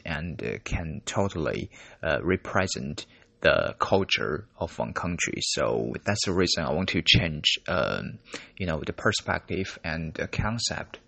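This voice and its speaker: A young man who is not a native English speaker, a university student talking casually in a vlog, halting with many fillers and restarts. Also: deep voice, creaky, bright, forceful tone, husky. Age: young adult.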